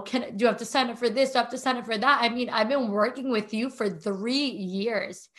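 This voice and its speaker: A woman's voice: fairly high pitch, a bit bright. A young woman hosting a podcast, talking openly in a rambling way, restarting her sentences and often saying "like.". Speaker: podcast host. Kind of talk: emotional interview conversation.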